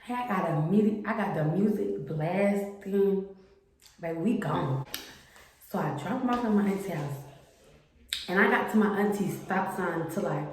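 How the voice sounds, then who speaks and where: A young woman casually telling a storytime about her car, chatty and animated, acting out the people in her story. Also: medium pitch, moderate pace. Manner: chatty, animated retelling with quoted voices. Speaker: vlogger. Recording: very echoey room with faint noise.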